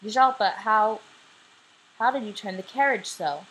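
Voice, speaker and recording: A woman's voice: medium pitch, a little slow, fairly bright tone, breathy edge, rough recording. A young woman voicing the trickster god Loki in a home-recorded storybook reading, speaking his lines earnestly and hesitantly. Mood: questioning. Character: trickster god Loki, male, guarded and wary.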